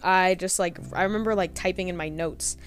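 A woman's voice: lowish voice, a little fast, faint music behind. A young woman hosting a podcast, telling a personal story in a rambling, hesitant way, full of fillers. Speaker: podcast host.

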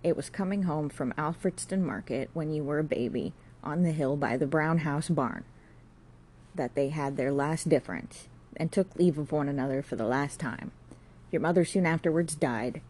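A frail old great-aunt from the countryside, as a woman reads her, talking in a with a soft, dark, mellow tone. She sounds low, dry and worn, telling hard things bluntly and plainly, like a character in an audiobook. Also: moderate pace. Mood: weary.

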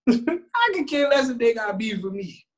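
A man's voice: extremely high pitch, big pitch swings, unhurried. A man in casual chat, joking around with a slangy, playful delivery and frequent laughs.

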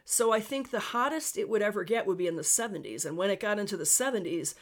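A woman's voice: mid-range voice, lively intonation, fast talker. A woman with a Western New York accent hosting a solo podcast, chatty and personal, with asides to her listeners. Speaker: podcast host.

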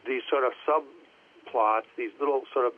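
A man chatting casually on a commentary track, rambling and halting as he searches for his words, heard over a phone line. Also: mid-range voice, steady tone. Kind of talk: casual chat.

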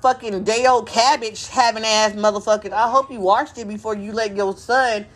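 A woman's voice: a little high, steady tone, moderate pace. A woman hosting a podcast, delivering an angry, profane, confrontational monologue and mocking others in quoted voices. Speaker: podcast host.

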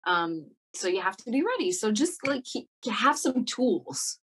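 A woman's voice: medium pitch, big pitch swings, unhurried, a bit bright, slight background noise. A woman actor being interviewed, talking casually and reflectively, with many fillers and restarts. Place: Montreal.

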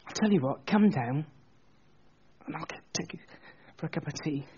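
A man's voice: on the high side, animated, moderate pace, a little mellow, muffled recording, a little hiss or hum, close to an everyday voice. A man voicing a kindly, ordinary London man who speaks in a friendly, reassuring way, in a London accent.

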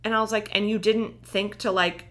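A woman with a bright, clear-toned voice chatting casually. She tells a personal story in a lively way and acts out what each person said. Her voice sits in a middle register. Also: mid-range voice, normal speed. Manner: animated storytelling, acting out quoted lines. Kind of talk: casual chat.

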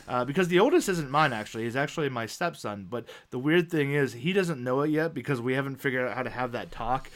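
A man with a medium-pitched voice, co-hosting a casual podcast. He tells joking family stories, acts out the lines in them, and keeps a lively, teasing delivery. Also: fast talker, few pauses. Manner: animated, joking storytelling that acts out quotes. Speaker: podcast co-host. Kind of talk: casual chat.

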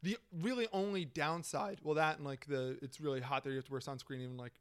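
A man's voice: on the high side, fairly even intonation, fast, clean tone. A man co-hosting a podcast in loose, enthusiastic casual chat, with some swearing. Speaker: podcast co-host.

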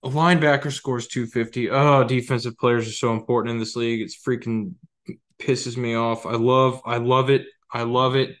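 Rambling, excitable young man. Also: mid-range voice, normal speed. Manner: rambling, excitable, profane, jokey. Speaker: podcast host. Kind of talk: casual solo fantasy football talk.

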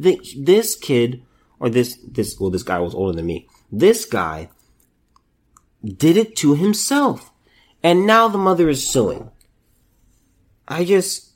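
A male podcast host gives solo commentary, sounding incredulous and ranting. He speaks slowly in a sing-song way, his pitch swinging widely, and keeps restarting his sentences.

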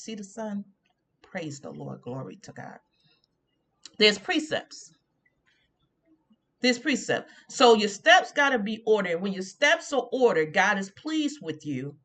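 A woman's voice: medium pitch, a bit bright. A woman preaching an informal sermon on a radio show, drawing words out and humming in agreement with herself.

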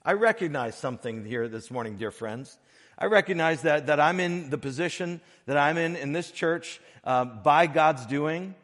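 A man preaching a sermon as pastor of a church, earnest and measured, breaking his phrases with pauses and swinging between soft and loud. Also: fairly high pitch, in a large hall. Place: church sanctuary.

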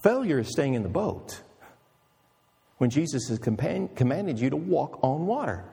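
A man's voice: fairly high pitch, very animated, moderate pace, vocal fry, dark tone, slightly rough, in a large hall. A male pastor preaching an emphatic, storytelling sermon with rhetorical questions.

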